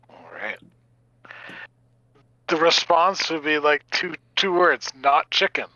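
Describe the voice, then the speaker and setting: Bright-voiced man asking halting questions. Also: on the high side, animated, no echo, muffled recording. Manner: hesitant, restarting questions. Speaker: player. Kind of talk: casual tabletop game chat.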